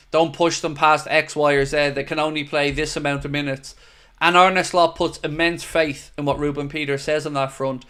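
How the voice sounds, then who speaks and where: Hosting a casual football fan livestream, this man reads out viewer comments and responds earnestly and with strong opinions, calling viewers "mate" as he talks straight to them. His voice is fairly high, with a fairly bright, clean tone.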